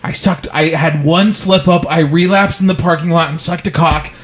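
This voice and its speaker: A man voicing a closeted middle-aged politician father who is ashamed and desperate, swinging from pleading to yelling. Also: on the high side, steady tone, normal speed, lightly acted. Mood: resolute. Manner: pleading then bursting into yelling.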